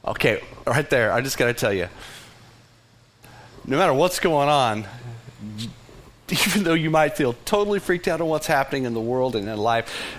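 A man's voice: medium pitch, expressive, moderate pace, pauses often, fairly bright tone, slight background noise. A man preaching a sermon as pastor, earnest, with frequent restarts and sudden drops to a near whisper. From Texas.

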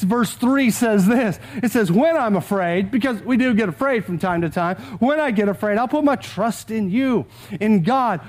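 A pastor preaching a sermon with a Texan accent, urging the congregation to repeat scripture aloud with him. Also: male voice, extremely high pitch.

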